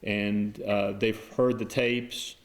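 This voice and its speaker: A man's voice: on the low side, flat delivery, slow pace, vocal fry. An older man on a phone call, speaking hesitantly with many stammers and fillers. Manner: hesitant, stammering, emotional restraint.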